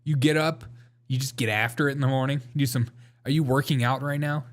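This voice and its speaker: A man's voice: mid-range voice, fairly even intonation, fast. A man hosting a live show, chatting casually and rambling through jokes and chat replies, laughing often. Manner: reads chat and answers it.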